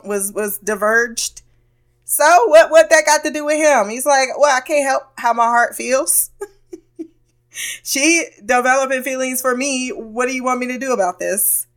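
Animated woman recapping a TV episode. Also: on the high side. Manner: animated, laughing, blunt and profane, acts out characters' lines. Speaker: podcast host.

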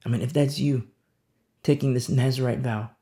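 Pastor guy preaching casual, gravelly voice, says things over and over for emphasis. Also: mid-range voice, steady tone, normal speed, dark tone. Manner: conversational, repetitive emphasis. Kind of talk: sermon.

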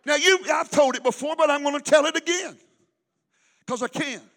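A middle-aged pastor preaches with a very high, bright, forceful voice. He swings between loud shouting and quiet storytelling. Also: moderate pace, in a large hall. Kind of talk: sermon.

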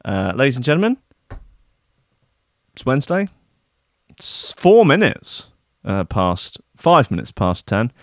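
A man's voice: medium pitch, big pitch swings, unhurried, pauses often, fairly bright tone, no echo. Man, show host, casual chat, profane, rambling, dry recording.

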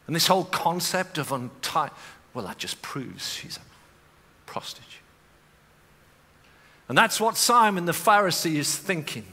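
A man preaching a sermon as pastor, moving from quiet storytelling to impassioned preaching in a church auditorium. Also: on the high side, lively intonation, unhurried, breathy edge. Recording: long reverb of a large hall.

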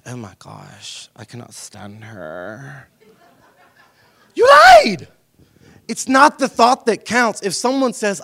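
Preacher swinging from hush to shouts. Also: male voice, fairly high pitch. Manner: swings from hushed and intimate to shouted emphasis, calls for response. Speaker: pastor. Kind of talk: sermon. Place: church sanctuary.

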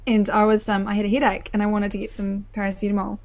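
A woman's voice: medium pitch, completely flat delivery, fast. A young woman with a New Zealand accent chats easily, her voice sitting in a middle register. She drifts through stories with plenty of ums and restarts and laughs often. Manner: chatty, laughs often, many fillers and restarts. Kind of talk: casual chat.

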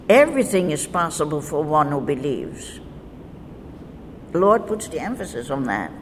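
A woman teaching from the Bible, reading verses in a measured, deliberate way. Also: fairly low pitch, animated. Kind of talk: slow scripture teaching. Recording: faint noise with long reverb.

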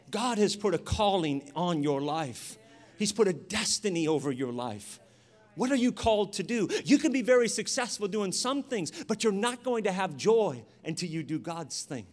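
A middle-aged man, a pastor preaching a sermon, shifting from quiet storytelling to shouted exhortation. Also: high-pitched.

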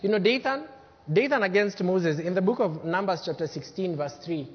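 Male pastor, high voice, preaching hard with dynamic swings; muffled recording, long church echo. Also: normal speed, husky. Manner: emphatic preaching, swinging from loud to hushed. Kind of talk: sermon. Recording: dull lo-fi sermon recording with long hall reverb.

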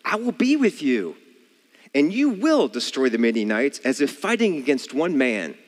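A man reading the lines of a calm, assuring divine male voice during a sermon, slow and deliberate. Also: medium pitch, in a large hall.

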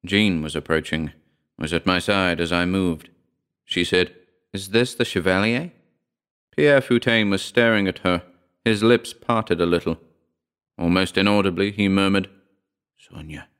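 A man with a very low, smooth voice reads a first-person horror story in a measured manner. His delivery is clear and steady, like an audiobook narration.

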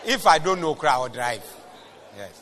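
A man with a Ghanaian accent, a pastor preaching a sermon at a church service and mixing English with Twi, swinging between loud exhortation and quiet storytelling. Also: on the high side, very animated, normal speed, some chatter behind.

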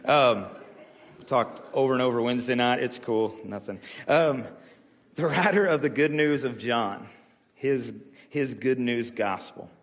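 A man's voice: mid-range voice, measured pace, big-room sound. A man preaching a sermon to his church in a loose, conversational way, with frequent fillers and restarts. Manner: casual, rambling with many fillers and restarts. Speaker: pastor. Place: church sanctuary.

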